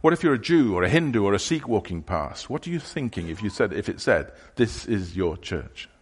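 A man preaches a sermon in a low, husky voice. He talks casually and haltingly, often restarting phrases and acting out imagined questions. His voice rings with the long reverb of a church hall. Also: sing-song.

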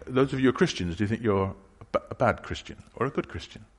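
A man preaching a sermon in a church hall. He talks in a conversational, halting way, restarting phrases and voicing imagined questions from passers-by. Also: fairly low pitch, animated, slightly rough. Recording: long hall reverb.

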